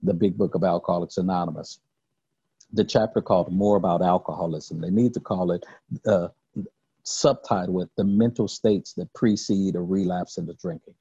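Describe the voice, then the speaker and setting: A deep, husky older man gives an earnest recovery testimony, his voice gravelly and mellow. He talks in halting, repeating phrases. The recording is dry and a little dull. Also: steady tone, dry recording. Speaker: recovery speaker.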